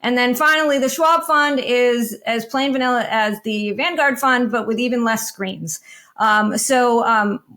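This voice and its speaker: Woman on a panel, kinda high voice, lots of ums, just laying out the facts. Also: a little slow, a bit bright. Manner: frequent "um" and "uh" fillers, matter-of-fact. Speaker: guest judge analyzing funds. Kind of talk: casual panel discussion.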